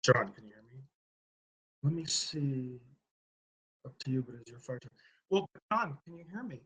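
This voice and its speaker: A man's voice: mid-range voice, lively intonation, normal speed, a bit bright, husky, low-quality recording. A man hosting a live stream, talking to his viewers through a laptop's built-in mic, blunt and profane, repeating his questions at people in the chat.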